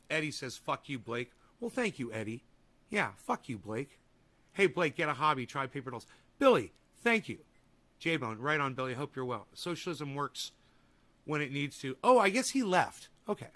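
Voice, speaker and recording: A man's voice: mid-range voice, sing-song, moderate pace, sharp tone. A man hosting a livestream, reading chat comments and answering them in a profane, combative, rambling way. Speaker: livestream host.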